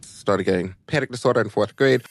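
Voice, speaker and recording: A young American man vlogging his life story, expressive and dramatic, jumping into high voices. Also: brisk. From United States. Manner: animated, dramatic, leaps into high voices for quotes. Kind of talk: personal storytelling monologue.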